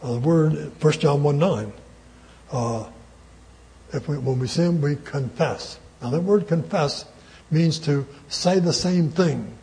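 A man's voice: on the high side, slow, mellow. A man preaching a sermon emphatically, repeating key words and chuckling between his points.

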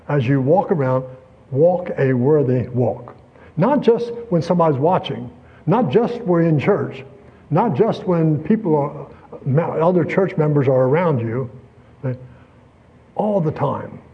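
A man preaching a sermon, telling a story and asking rhetorical questions with lively emphasis. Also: fairly high pitch, husky, muffled recording.

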